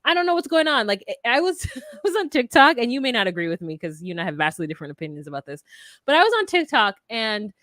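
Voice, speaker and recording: A woman co-hosting a podcast, giving blunt, animated opinions in casual chat about a reality show. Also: a little high, quick pace, no room sound, studio quality. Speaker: podcast co-host.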